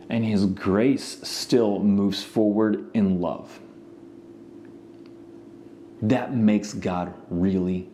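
Low, mellow-voiced preacher telling stories. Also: male voice, slight background noise. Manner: conversational storytelling with frequent "right?" asides. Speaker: pastor. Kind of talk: sermon.

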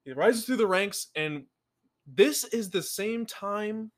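A young man co-hosting a podcast talks in a high voice that moves up and down a lot. He is animated and critical and swears freely. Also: slow. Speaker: podcast co-host. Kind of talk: casual chat.

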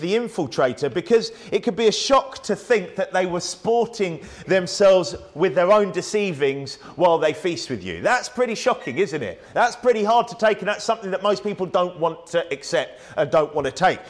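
Emphatic male preacher, higher voice. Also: lively intonation, normal speed, few pauses. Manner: conversational and emphatic, with many rhetorical questions. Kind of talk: sermon.

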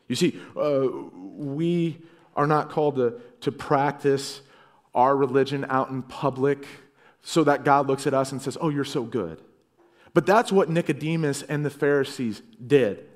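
A man preaching a sermon as pastor, earnest, rising to loud emphasis and dropping to quiet low lines. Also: a little slow.

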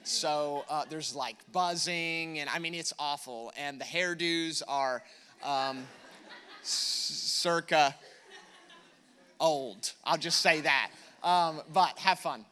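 A man with a bright, sharp voice introduces a video to a church audience. He keeps it loose and jokes at his own expense. His pitch sits a little high for a man. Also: slow pace. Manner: casual, self-deprecating, joking.

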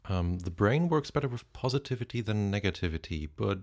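A man's voice: lowish voice, animated, brisk, a little mellow. A man interviewing a guest, asking short questions and summarizing answers.

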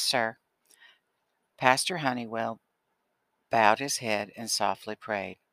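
A man narrating an audiobook in a steady storytelling manner. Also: medium pitch, no echo. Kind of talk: scripted narration.

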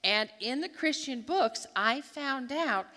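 At a church gathering, a woman tells a personal story as a devotional talk, acting out her own thoughts in a bright, forceful voice pitched a little high. She is animated and speaks slowly. A long reverb makes it sound like a large hall.

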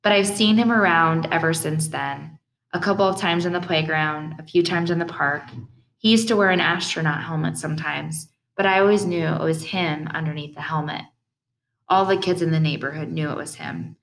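A woman's voice: deep voice, normal speed, vocal fry, fairly bright tone, a little hiss or hum. A woman narrating a first-person audiobook in a plain, conversational way.

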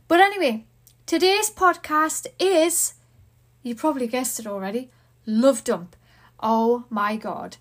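A woman from Newcastle with a Geordie accent, hosting a podcast in an excitable, fast, gushing chat. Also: sits high. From Newcastle, England. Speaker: podcast host.

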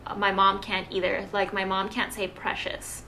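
A woman who is not a native English speaker, co-hosting a podcast in casual chat and enunciating clearly. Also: mid-range voice, monotone, normal speed, bright, forceful tone, slight background noise, poor audio. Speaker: podcast co-host.

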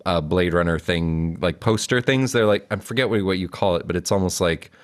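A man's voice: deep voice, fairly quick. A young man co-hosting a casual film commentary chat, rambling with lots of fillers and frequent giggles. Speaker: podcast co-host.

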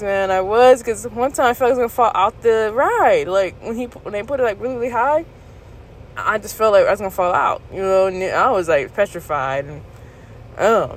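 A woman vlogger casually recounting a story to her viewers, candid and laughing, jumping into high squeals when she quotes herself. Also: slight background noise, poor audio. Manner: animated retelling, jumps to high squeals when quoting herself.

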